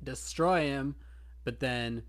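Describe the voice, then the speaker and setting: A man co-hosting a casual show, recapping an anime episode in a relaxed, jokey way and reading from his notes. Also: medium pitch, slow pace. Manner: laid-back, reads from his notes, jokey. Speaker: podcast co-host.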